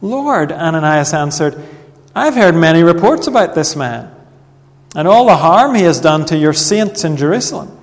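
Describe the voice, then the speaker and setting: A man preaching a sermon in an earnest, measured way, reading Bible passages aloud. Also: a little high, very animated. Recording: long reverb of a hall.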